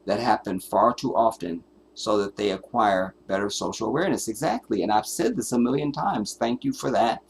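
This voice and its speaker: A man's voice: lowish voice, animated, moderate pace, creaky, a little hiss or hum. A man hosting a live stream, delivering an emphatic, profane, preachy commentary rant. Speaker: livestream host.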